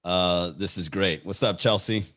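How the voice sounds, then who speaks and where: A man's voice: low-pitched, fairly even intonation, a little slow, fairly bright tone. A man hosting a comedy podcast, riffing casually in a rambling, profane way and reacting to live chat.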